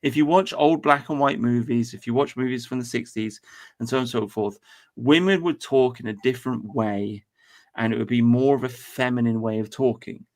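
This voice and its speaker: A man's voice: medium pitch, brisk, darkish tone. A man hosting a casual chat, rambling and swearing as he airs his views. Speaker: podcast host.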